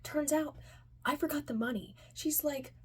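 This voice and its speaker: A woman's voice: high voice, normal speed, darkish tone, a little hiss or hum. A woman telling a comic personal story in an anxious, self-mocking way, often dropping into whispered asides.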